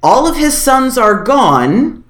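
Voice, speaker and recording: A woman podcast host talking in casual chat, recapping with sarcasm and a lot of profanity. Her voice swoops up and down with lively energy, and the sound rings a bit in a roomy, echoey space. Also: sits high, takes it slowly. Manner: animated, sarcastic, profane storytelling. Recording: roomy echo.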